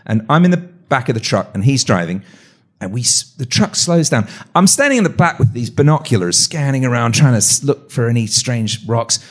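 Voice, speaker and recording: A man telling a story as a guest on a live talk show, animated, with voiced quotes and frequent restarts. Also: medium pitch, a little fast. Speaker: guest, meteorite hunter. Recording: live audience event.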